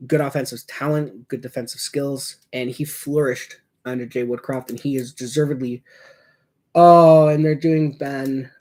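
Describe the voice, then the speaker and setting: A man talks his way through a hockey game as a fan, in casual watch-along commentary. He rambles and reacts as he goes, with plenty of fillers. His voice sits at an ordinary middle pitch. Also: steady tone, measured pace, darkish tone.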